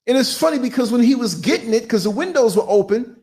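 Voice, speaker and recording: A man hosting a live podcast, telling a story in an animated, theatrical way and acting out voices and sounds. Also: very high voice, fast. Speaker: podcast host.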